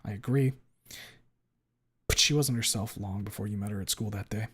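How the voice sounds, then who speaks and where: A man reading a first-person story aloud on his stream, shifting from hushed breathing to clipped, profane anger. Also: lowish voice, normal speed, slightly rough. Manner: hushed, then swearing and tightly angry.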